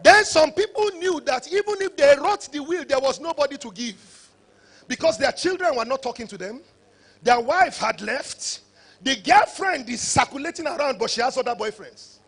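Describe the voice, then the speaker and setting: A man giving a motivational conference talk, preacher-like and rising to shouts for emphasis. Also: very high-pitched, lively intonation, moderate pace. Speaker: conference speaker.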